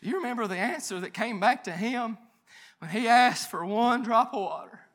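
Fiery preacher guy, really high voice, goes from hushed to shouting, voice getting strained. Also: expressive, normal speed. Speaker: pastor. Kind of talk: sermon.

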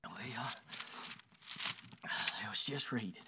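In a high voice with a sharp tone, a man delivers a folksy sermon, reading scripture aloud with small, halting stumbles and calling his listeners "honey."

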